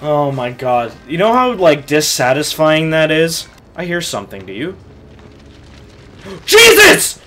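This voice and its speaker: Male gamer, casual let's play talk, lively swooping voice, swears nonstop, loud outbursts. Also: fairly high pitch, normal speed, hardly any pauses, slight background noise. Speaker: gamer playing through a game.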